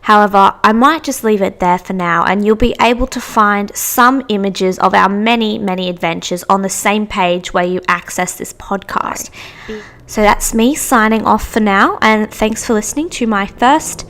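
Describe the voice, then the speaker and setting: A woman's voice: medium pitch, normal speed, fairly bright tone. A young woman hosting a podcast, chatting through anecdotes with frequent restarts. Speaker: podcast host. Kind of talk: casual storytelling monologue.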